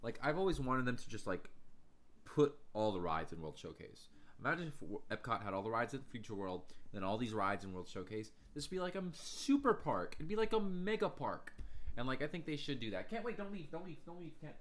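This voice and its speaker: An energetic man hosts a relaxed livestream from his home. He chats freely with his viewers and laughs often. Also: mid-range voice, fairly quick. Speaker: livestream host. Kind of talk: casual livestream chat.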